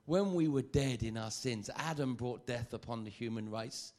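A man preaching a sermon, lively and joking, often stammering and repeating phrases. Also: mid-range voice, normal speed.

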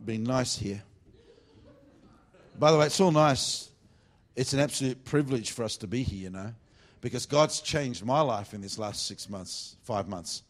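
A man preaching a revival sermon, swinging between loud fervent bursts and low confiding asides. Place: church meeting.

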